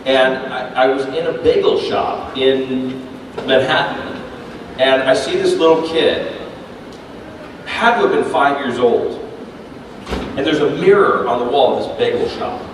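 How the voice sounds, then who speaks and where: A man, a voice actor, telling animated stories with laughter at a convention panel. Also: medium pitch, a little slow, long pauses. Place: large convention panel room. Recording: echoey hall from far off, noisy.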